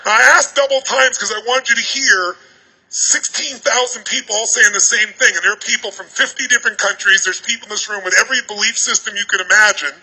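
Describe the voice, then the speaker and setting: A man's voice: high voice, bright, forceful tone, slightly rough, rough recording. A man giving a seminar talk to a large arena crowd, firing commanding questions at them over a stage microphone. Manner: commanding, rapid-fire questions. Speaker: motivational speaker.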